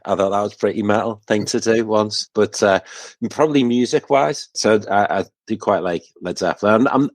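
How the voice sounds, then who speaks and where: A man's voice: fairly low pitch, no room sound. A man from England chatting on a podcast, hesitant and self-deprecating, with stammering restarts. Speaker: podcast guest. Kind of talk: casual chat.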